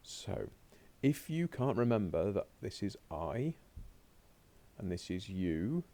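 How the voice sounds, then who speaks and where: A man's voice: on the low side, sing-song, slow pace, mellow. A man teaching a recorded remote French lesson, chatting to himself as he works through slides on a laptop. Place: home or classroom desk at a laptop.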